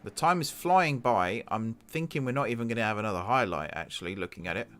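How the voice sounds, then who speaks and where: Excitable man commentating a football game. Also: on the low side, quick pace, a little hiss or hum. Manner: excitable, talks to the game's players. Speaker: gaming channel host.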